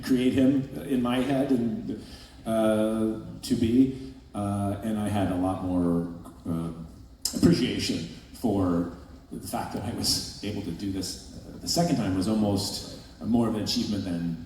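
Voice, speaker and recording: A man on a convention panel giving a thoughtful, halting answer with many pauses and fillers. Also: on the low side, warm tone, a little hiss or hum. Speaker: panel guest actor. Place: large convention hall with an audience. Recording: echoey hall recording from far off.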